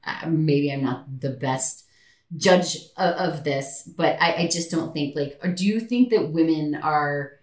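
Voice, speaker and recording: Female co-host with a deep voice, chatty and amused, recorded from a distance in a roomy space. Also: unhurried. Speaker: podcast co-host. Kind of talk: casual chat, reading a news story aloud. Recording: echoey room, distant mic.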